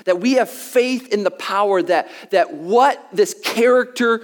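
A man's voice: high-pitched, unhurried. A man preaching a sermon as a pastor, emphatic and repetitive, sometimes joking at his own expense, out of breath. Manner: emphatic preaching with repeated phrases and self-deprecating asides. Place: church sanctuary. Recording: long hall reverb.

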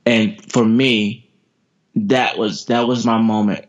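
An American man in his thirties, a sprinter telling motivational stories as a podcast guest, energetic, repeating his words and laughing often. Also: fairly low pitch, slow. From United States. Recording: dull lo-fi podcast audio.

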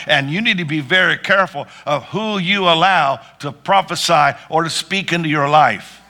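A man's voice: on the high side, normal speed, hardly any pauses, pushed and bright. A man preaching a sermon with rising fervor, calling out to his congregation and breaking into prayer. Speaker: pastor.

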